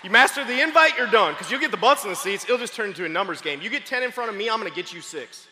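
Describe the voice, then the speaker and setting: A man giving a motivational sales training talk, fast-talking and excitable, often shouting. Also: high voice, some chatter behind. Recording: long hall reverb.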